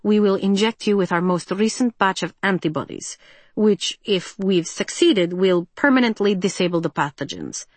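A woman voicing a cold, condescending male doctor who speaks calmly over a speaker. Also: medium pitch, normal speed, no echo, natural voice. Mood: clinical.

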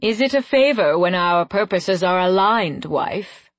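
A woman voicing a calm, commanding golden fae lord who speaks slowly and softly. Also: mid-range voice, no echo, lightly acted. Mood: measured.

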